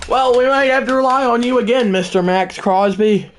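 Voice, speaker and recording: A man giving excited play-by-play commentary over a football video game, calling it like a sportscaster and shouting on the big plays. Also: extremely high pitch, moderate pace, hardly any pauses, a little hiss or hum. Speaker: gaming channel host.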